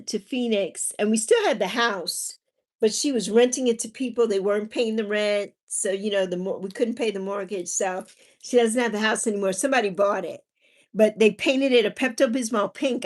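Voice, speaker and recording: A woman in her forties hosting a casual livestream, chatting with viewers and telling family stories. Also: mid-range voice. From Virgin Islands. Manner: chatty, warm with viewers, drifting into personal stories. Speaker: livestream host. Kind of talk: casual livestream chat, reading viewer comments.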